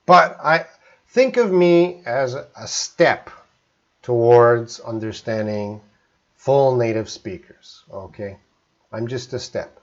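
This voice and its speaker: Male English teacher from Canada, live Q&A, slow and deliberate, mid-pitched, slightly muffled stream audio. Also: animated. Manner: slow, careful, reads out viewer questions. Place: home in Korea, live stream.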